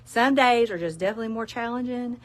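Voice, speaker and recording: A middle-aged woman from South Alabama with a Southern US accent runs a casual live sales stream, presenting products from her shop. Her voice is fairly high and fast, and she chats with viewers, tossing out folksy asides and laughing often. The recording carries a little hiss or hum.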